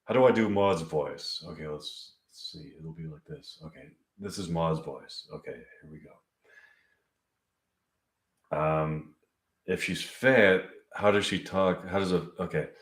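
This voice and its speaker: A man reading his own comedy script aloud at home, halting and thinking aloud between lines. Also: low-pitched. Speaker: amateur writer performing his own script. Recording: echoey room.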